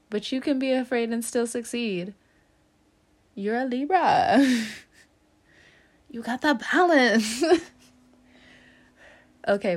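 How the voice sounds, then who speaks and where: A woman giving a casual tarot reading straight to her listener. She laughs often and calls the listener fam and homie. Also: a little high. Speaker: tarot reader.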